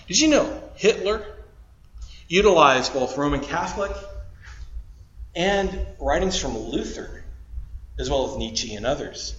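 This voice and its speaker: A man's voice: on the high side, sharp tone. A male pastor preaching a sermon, stressing words by rising and dropping his voice. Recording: dull lo-fi recording.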